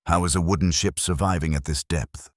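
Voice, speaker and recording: A man's voice: low-pitched, fairly even intonation, fairly quick, no echo, studio quality. A man voicing a stern Second World War submarine captain who speaks in clipped, commanding orders in a scripted horror story. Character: stern WWII submarine captain, steady under pressure.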